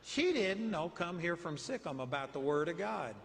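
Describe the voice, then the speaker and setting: A man's voice: on the high side, moderate pace, creaky, big-room sound. A man with a Texan accent preaching a sermon, telling stories and declaring with force. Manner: animated storytelling preaching, commanding declarations.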